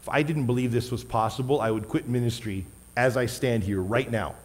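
A man preaching a sermon as a pastor, wearing a microphone, emphatic, with loud stressed words and quiet asides. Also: medium pitch, brisk. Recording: long hall reverb.

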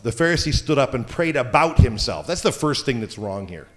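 A man's voice: fairly low pitch, lively intonation, quick pace, few pauses. A man preaching a sermon as pastor, talking in a conversational way with joking asides. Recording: long hall reverb.

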